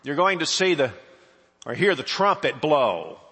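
A man preaching a sermon, emphatic, asking rhetorical questions and swinging between loud stresses and hushed asides. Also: fairly high pitch, very animated, measured pace, breathy edge, big-room sound.

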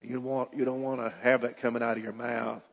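Male preacher, husky, mid-pitched, earnest with emphatic bursts; reverberant church hall. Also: little pitch movement, brisk. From United States. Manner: earnest, repeats words, rises to emphatic bursts. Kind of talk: sermon.

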